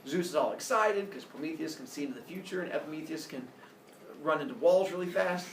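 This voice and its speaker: Playful male teacher, lively pitch, roomy classroom echo, mic far off, faint background noise. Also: fairly quick. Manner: quizzing, playful. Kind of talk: classroom review and storytelling.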